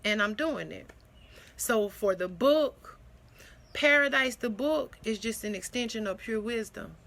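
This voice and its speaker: A young woman from South Carolina, a spiritual healer, gives an emphatic, animated testimony to camera, repeating phrases and laughing often. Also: on the high side, measured pace. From South Carolina, USA. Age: young adult. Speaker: spiritual healer promoting her services.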